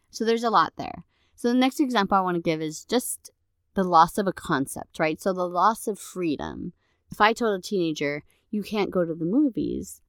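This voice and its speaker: A woman's voice: on the low side, dry recording, studio quality. A middle-aged woman therapist co-hosting a podcast, explaining things in a casual conversational way and often adding "right?".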